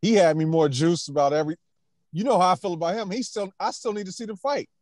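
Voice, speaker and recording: A man's voice: high voice, fast, darkish tone, no room sound. A man co-hosting a podcast, talking bluntly and profanely with jokes. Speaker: podcast co-host. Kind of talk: casual chat.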